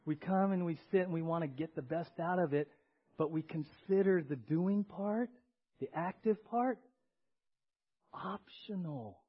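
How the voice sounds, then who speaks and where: A pastor preaching a sermon, swinging between loud emphasis and hushed asides. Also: male voice, on the high side, a little slow, breathy edge. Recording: dull lo-fi church audio recording.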